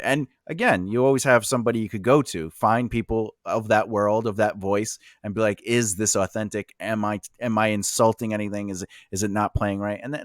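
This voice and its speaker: A man hosting a podcast, telling stories in an animated way with lots of fillers and a joking tone. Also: fairly low pitch, no echo, clean studio sound. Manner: animated storyteller, many fillers and restarts, jokey. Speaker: podcast host. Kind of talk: casual podcast conversation.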